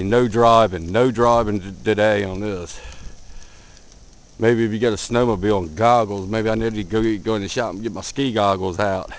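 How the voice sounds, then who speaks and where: A man filming outdoors in a blizzard on a handheld camera, giving excited casual commentary, cold and a bit out of breath. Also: on the low side, poor audio. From Delaware, USA. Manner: excited, repeats himself, calls viewer man. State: out of breath, face numb from cold. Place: outdoors in a blizzard, wind and snow. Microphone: handheld camera mic.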